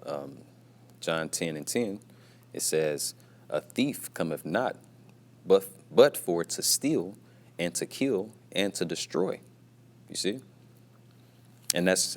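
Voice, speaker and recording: A man teaching a casual scripture lesson from his workplace, repeating himself and tagging his lines with "you see" and "man", and keeping his voice down at times. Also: deep voice. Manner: repetitive, peppers talk with "man" and "you see"; speaks quietly at times, mindful of being at work.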